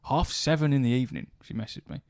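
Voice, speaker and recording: A man's voice: medium pitch, fast talker, darkish tone, no echo, studio quality. A man, a podcast host telling a long anecdote in casual chat, swearing freely and acting out quoted back-and-forth dialogue.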